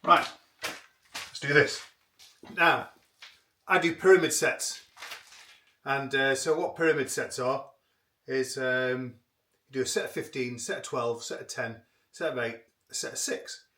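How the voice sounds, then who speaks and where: A man's voice: medium pitch, unhurried, pauses often, pushed and bright, no room sound. Chatty man in his fifties. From United Kingdom. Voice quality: chatty, self-deprecating, rambling. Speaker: vlogger. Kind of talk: casual chat to camera.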